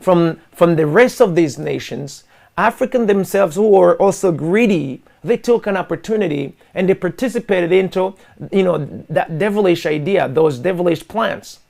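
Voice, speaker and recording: Gravelly, high-pitched impassioned male host. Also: moderate pace. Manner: forceful, repetitive, addresses listeners as guys. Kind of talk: impassioned monologue to an online audience.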